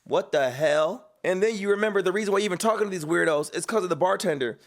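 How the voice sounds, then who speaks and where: Incredulous man reacting, high voice. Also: racing, gravelly. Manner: blunt, swearing, incredulous. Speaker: streamer reacting to a clip. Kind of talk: reaction commentary.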